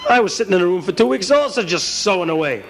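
A man voicing a chatty, excitable tailor talking to himself at night. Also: high voice, fast talker, soft background music.

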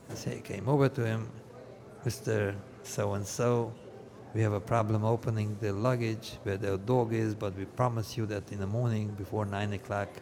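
A man's voice: medium pitch, creaky. A man, a rabbi, telling comic stories to a live audience and acting out each character's voice. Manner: animated, acts out every character's voice.

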